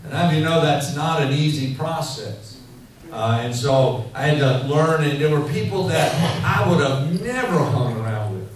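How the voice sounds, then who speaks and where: A man preaching a sermon in a church, telling stories in an animated, rambling way full of fillers. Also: fairly high pitch, normal speed. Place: church hall. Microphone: handheld mic. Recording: echoey hall, mic heard from far off, faint noise.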